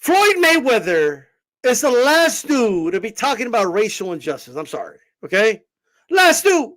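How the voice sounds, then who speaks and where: A man hosting boxing commentary, ranting in a casual, profane, incredulous way and bursting into shouts. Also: extremely high pitch, wildly swooping pitch, normal speed. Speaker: boxing commentator, channel host.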